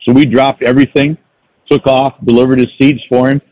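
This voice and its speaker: A man's voice: mid-range voice, little pitch movement, a little fast, a little mellow, no echo, dull audio. An older man, a sales professional and podcast guest, telling stories in a reflective way with many restarts. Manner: reflective storytelling with frequent restarts. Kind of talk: casual podcast conversation.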